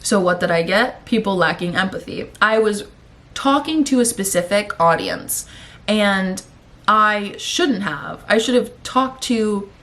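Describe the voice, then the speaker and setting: A woman's voice: medium pitch, expressive, measured pace, fairly bright tone. A young woman vlogger talking casually to camera, out of breath and sore-throated, rambling, swearing and getting worked up. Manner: rambling, profane, emotional.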